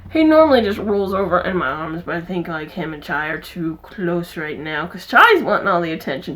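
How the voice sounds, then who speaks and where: A woman chatting casually to camera from her home. She rambles through her story and breaks off to coo at her cats in a high sing-song. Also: big pitch swings, a little fast, few pauses, a bit bright. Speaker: crafting vlogger.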